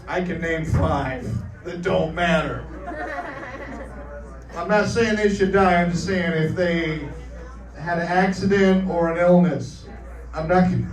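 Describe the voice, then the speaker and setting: A man's voice: fairly high pitch, a little slow, distant mic, crowd noise. A man in his early forties doing a stand-up comedy set on a club stage, with a loose, rambling delivery full of restarts. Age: early 40s. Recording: roomy live club recording from off-mic. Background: audience laughter.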